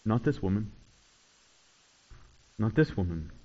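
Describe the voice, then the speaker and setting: A man preaching a sermon, swinging between loud, rising retellings and quiet, low asides. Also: animated, takes it slowly, dull audio. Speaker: pastor.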